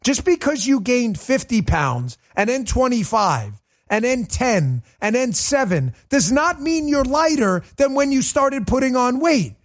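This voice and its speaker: A man's voice: very high-pitched, very animated, unhurried. Emphatic, sarcastic male political host. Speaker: political talk show host. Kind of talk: livestreamed political commentary.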